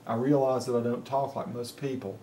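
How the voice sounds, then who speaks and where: A man with a Southern Appalachian accent dictating to software and reviewing it in a plain, folksy way, thinking out loud. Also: medium pitch, steady tone, fairly quick, a little hiss or hum. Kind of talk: casual dictation test and review.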